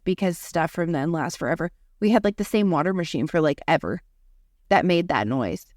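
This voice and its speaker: A woman's voice: fairly low pitch, darkish tone, no room sound, clean studio sound. A young adult woman, a podcast co-host, telling a story in casual chat and filling it with lots of "like". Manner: rambling, heavy use of "like" fillers.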